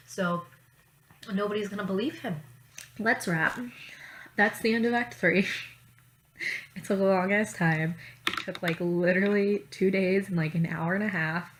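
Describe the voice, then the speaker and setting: A woman vlogging in casual chat, talking in a chatty, profane way with quick asides. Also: fairly low pitch, slight background noise. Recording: roomy echo, faint ambience.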